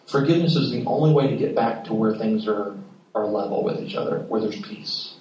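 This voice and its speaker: A man's voice: lowish voice, brisk, a little mellow, lo-fi sound. A middle-aged man preaching a sermon in a conversational storytelling way, acting out family conversations. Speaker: pastor. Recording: echoey room, mic at a distance.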